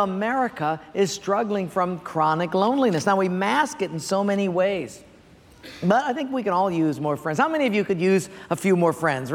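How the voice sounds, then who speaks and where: A man's voice: high voice, in a large hall. A male pastor preaching a sermon, telling stories and asking the audience questions. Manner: storytelling, asks the audience questions.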